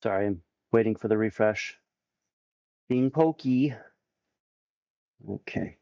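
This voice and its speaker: A man helping a live sale stream who checks the bids in a brisk, matter-of-fact way. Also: lowish voice, gravelly, mellow, no room sound, lo-fi sound. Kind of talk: behind-the-scenes stream help.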